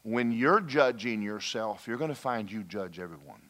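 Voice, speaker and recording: A man preaching a lively sermon, folksy and animated, slipping into mock voices and asides to the congregation. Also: fairly low pitch, normal speed. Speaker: pastor.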